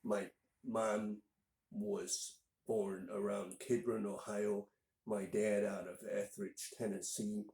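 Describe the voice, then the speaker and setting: A man from northern Indiana giving a casual spoken language lesson, unhurried and explanatory, with frequent pauses to think. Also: on the low side, flat delivery, creaky, a little mellow, roomy sound, rough recording. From northern Indiana, USA. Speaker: language teacher.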